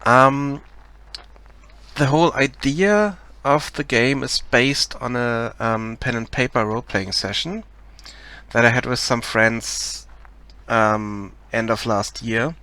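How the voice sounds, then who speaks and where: A man with a German accent chats casually through a live stream of his work. He talks very slowly, with a bright, forceful edge. He pauses often and restarts his sentences as he looks for words. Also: mid-range voice, clean tone. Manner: hesitant, many ums and restarts, laughs shyly. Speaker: game developer streaming live.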